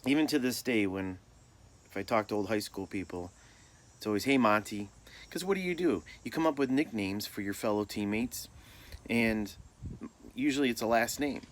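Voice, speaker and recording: A man's voice: fairly low pitch, expressive, normal speed. A middle-aged man from Michigan telling a personal story in a laid-back, self-deprecating way. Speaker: storyteller vlogger. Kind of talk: casual storytelling.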